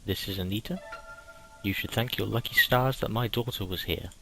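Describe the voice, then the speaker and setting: A man voicing a calm, reassuring male survivor leader in his own plain, fairly low voice, with no put-on character voice. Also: normal speed, soft background music, rough recording. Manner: reads the lines plainly, no put-on voice.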